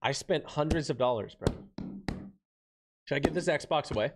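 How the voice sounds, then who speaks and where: A man live-streaming a game, chatting in slang, reacting loudly and thanking viewers for donations. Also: a little high, moderate pace, long pauses, slight background noise. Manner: loud hype outbursts, slangy and excitable, reads donations aloud. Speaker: gaming streamer. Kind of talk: live-stream chat while gaming.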